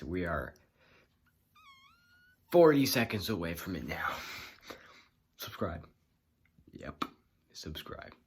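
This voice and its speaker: Young male vlogger, low husky voice, teasing deadpan patter to camera. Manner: teasing, repetitive, mock-bored. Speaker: YouTuber.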